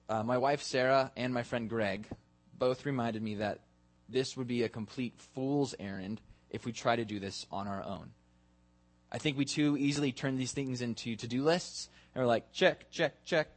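A man preaching a sermon in a church, asking his congregation earnest questions. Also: mid-range voice. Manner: earnest questioning, building to a led prayer. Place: church sanctuary.

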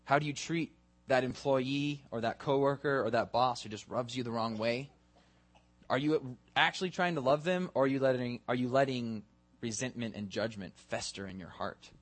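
A man's voice: mid-range voice, normal speed. Man preaching earnest questions. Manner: earnest questioning, building to a led prayer. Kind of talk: sermon. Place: church sanctuary.

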